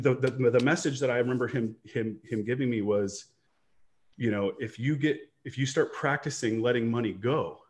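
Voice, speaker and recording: A man who runs an online business and coaches, talking earnestly and reflectively on a video call, rambling with restarts and checking in with "right?". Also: mid-range voice. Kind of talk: candid personal storytelling in a video-call interview.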